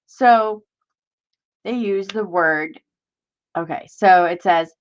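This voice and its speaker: A woman's voice: fairly low pitch, drawn-out words, long pauses, highs cut off. A woman hosting a crafting livestream, chatting casually and reading old-fashioned text aloud, stumbling over hard words and exclaiming in disbelief.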